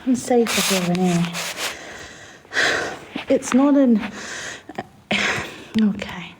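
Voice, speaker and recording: A woman livestreaming casual chat from a small room in a mosque, quiet and out of breath, half-whispering at times. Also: medium pitch, lively intonation, drawn-out words, pauses often. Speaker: vlogger. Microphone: phone. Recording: noisy phone recording.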